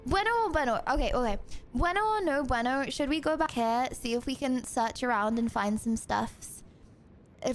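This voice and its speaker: A young woman streaming a game, chatty and excitable, talking to her chat with sudden yelps and shouts. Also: high voice. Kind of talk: live gameplay commentary.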